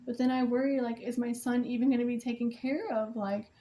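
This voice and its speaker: A woman's voice: on the high side, fairly even intonation, a little fast, warm tone. A young mother venting about co-parenting in a casual vlog, emotional and rambling, swearing often and restarting her sentences, while she paints.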